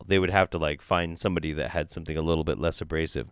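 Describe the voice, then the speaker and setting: A man's voice: low-pitched, lively intonation, fast talker, clean tone, dry recording, studio quality. A man doing casual, profane, sarcastic live-stream commentary while reacting to a video.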